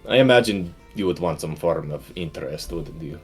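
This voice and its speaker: A sheepish male adventurer, played by a man in his own voice, dry and joking, low and husky. Faint music plays behind him. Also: animated, normal speed.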